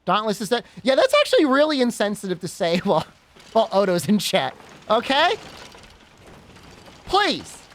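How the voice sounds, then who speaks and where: A man's voice: high voice, big pitch swings, a little fast, fairly bright tone. A man streaming a game, chatting casually and rambling, with frequent giggles and teasing. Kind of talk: casual gaming stream chat.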